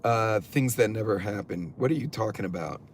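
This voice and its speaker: A man's voice: fairly low pitch, moderate pace, slight background noise. A middle-aged man hosting a preparedness channel, chatting casually on a livestream and answering viewers' comments as he rambles and swears freely. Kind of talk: casual livestream talk, reading chat aloud.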